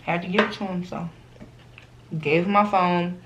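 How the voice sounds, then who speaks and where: A young woman, chatting casually as a vlogger, animated and slangy, often acting out the people in her story. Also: on the low side, moderate pace, background noise. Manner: animated, slangy, acts out quoted voices.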